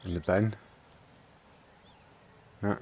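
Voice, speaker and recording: A man gives casual, joking play-by-play commentary on a stream and thinks out loud as he plays. His voice is very low. A faint hiss sits behind him. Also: fairly even intonation, extremely slow. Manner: chatty, joking, thinks aloud.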